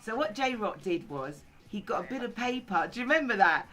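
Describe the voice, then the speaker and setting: A woman's voice: on the high side, lively intonation, a little fast, a bit bright. A woman hosting a casual group chat, prompting her guests to share stories. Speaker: host.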